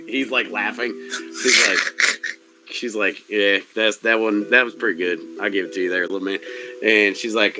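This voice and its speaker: A man narrating a tabletop game as game master in a loose, rambling way, switching quickly between characters' lines. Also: lowish voice, steady tone, over music.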